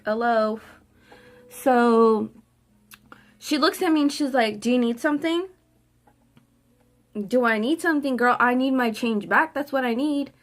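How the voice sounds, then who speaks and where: Young woman doing a grwm storytime, sassy and animated, slightly high voice. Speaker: beauty vlogger. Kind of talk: get-ready-with-me storytime.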